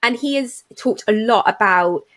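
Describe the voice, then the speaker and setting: A woman co-hosts a podcast, chatting casually and with real enthusiasm, full of fillers and restarts. Her voice is a little high and a bit bright, and she speaks at a moderate pace.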